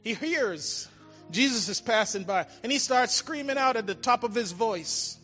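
High, bright-voiced preacher in a big hall. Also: male voice, moderate pace. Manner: preaching with dramatic swings between loud calls and hushed lines. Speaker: pastor. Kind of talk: sermon. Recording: large reverberant hall with faint music.

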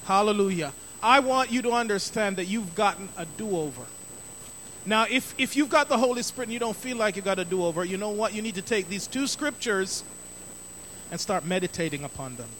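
Bright high-voiced male preacher. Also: lively intonation, fairly quick, a little hiss or hum. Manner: emphatic, repeats key phrases for stress. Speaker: pastor. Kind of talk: sermon.

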